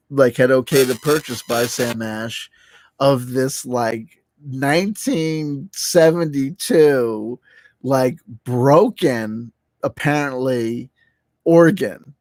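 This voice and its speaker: A man's voice: mid-range voice, dry recording. Rambling, swearing man telling a story. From New Jersey. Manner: rambling, profane, many restarts and fillers; laughs while telling. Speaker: livestream host. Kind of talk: casual storytelling.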